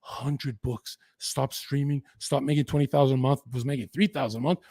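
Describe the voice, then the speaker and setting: Husky, intense man telling his story. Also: medium pitch, steady tone, a little mellow, no room sound. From Lower Mainland, Canada. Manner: intense, profane, rapid-fire. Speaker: podcast guest. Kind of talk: candid storytelling in an interview.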